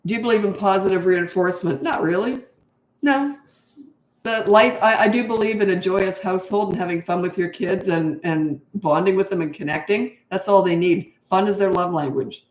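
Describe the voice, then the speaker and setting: A woman's voice: mid-range voice, normal speed. Chatty older woman in an echoey room. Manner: chatty, frank and laughing easily. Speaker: parenting coach. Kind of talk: answering interview questions. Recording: roomy echo.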